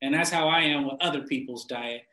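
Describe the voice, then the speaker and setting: A man ranting casually and bluntly, swearing constantly, laughing often and getting animated when he mocks people. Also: fairly high pitch, a little fast, reverberant, rough recording. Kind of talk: casual profane rant.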